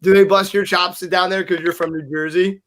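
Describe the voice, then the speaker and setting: A man hosting an interview show, casual and teasing, throwing out jokes and quick banter. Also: high-pitched, little pitch movement, a bit bright. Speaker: show host.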